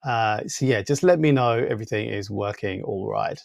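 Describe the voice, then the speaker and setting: A man's voice: on the low side, normal speed, gravelly, a little mellow, no echo, clean studio sound. A man hosting a live stream, talking loosely and rambling with many fillers, his voice weakened by congestion, on a small clip-on mic. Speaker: tech channel host. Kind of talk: casual live stream chat. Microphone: small wireless clip-on mic.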